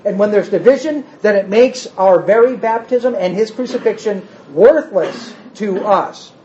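A man's voice: high-pitched, a little slow, mellow, a little hiss or hum. Guy preaching a sermon, asks questions then answers em, kinda muffled old recording. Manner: emphatic, asks rhetorical questions and answers them.

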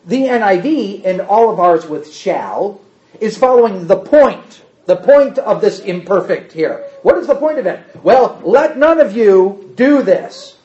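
A man's voice: high voice, expressive, a little slow, a little mellow, highs cut off. A man teaching a Bible class, explaining carefully, repeating key points and adding wry asides.

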